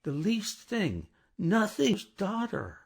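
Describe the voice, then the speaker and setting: A man's voice: high voice, wildly swooping pitch, slow, creaky, slightly rough, pitched above the performer's own voice, exaggerated voice. A man voicing an elderly doctor and father who speaks in a faltering voice, in an audiobook reading. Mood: anxious. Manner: faltering, trembling.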